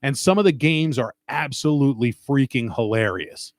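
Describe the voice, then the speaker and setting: A podcast host with a Long Island accent and a stuffed-up nose rambles, jokes and curses in casual chat. His voice is medium-pitched at a moderate pace, captured in a dry, studio-quality recording.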